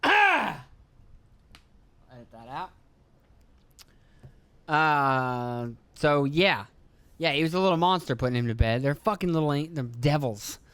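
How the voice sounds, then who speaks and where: A young podcast host from rural Pennsylvania jokes and curses his way through a casual ramble, acting out his kids and himself in rapid voices despite a phlegmy throat. His voice is a little high and a bit bright, with a clear, resonant tone.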